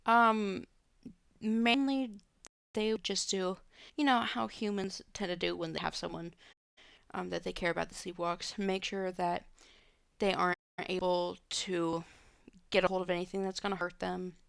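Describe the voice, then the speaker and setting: A woman's voice: on the low side, level tone, normal speed, vocal fry, fairly bright tone, clean tone, no room sound, clean studio sound. A woman streamer at home, answering viewer questions in a loose, rambling way with many fillers and restarts. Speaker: live streamer. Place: home room.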